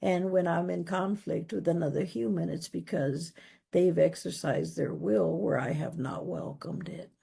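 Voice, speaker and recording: A woman's voice: lowish voice, steady tone, measured pace, gravelly, warm tone, slightly rough. A woman giving a candid, emphatic personal testimony at a recovery meeting, often repeating words for stress. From Texas.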